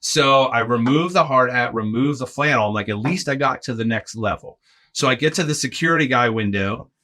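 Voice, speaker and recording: A bright, forceful man's voice, middle-aged, spinning a story for a podcast host. He jumps into the voices of the people in his tale and keeps checking in with "right?" as he goes. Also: mid-range voice, a little fast. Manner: animated, acts out quoted voices, lots of "like" and "right?". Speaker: podcast guest, arena in-game host. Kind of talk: casual anecdote telling.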